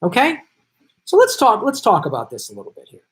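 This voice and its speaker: Male commentary host, lively up-and-down delivery, indignant and sarcastic rant. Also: high-pitched, a little fast, low-quality recording. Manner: indignant, sarcastic, talks with emphatic repetition.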